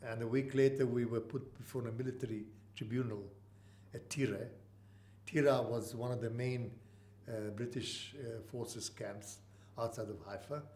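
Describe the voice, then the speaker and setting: A man in his eighties from Mandatory Palestine, telling an oral history in halting speech with many pauses. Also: medium pitch, steady tone, a little mellow, a little hiss or hum. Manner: halting, with frequent uh pauses and restarts. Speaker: interviewee.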